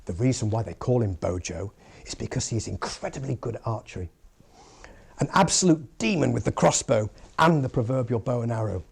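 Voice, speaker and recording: A man delivers an after-dinner comedy speech in a measured, joking way, working in puns. His voice is gravelly and slightly husky, at a middling pitch. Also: expressive. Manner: measured, pun-laden delivery.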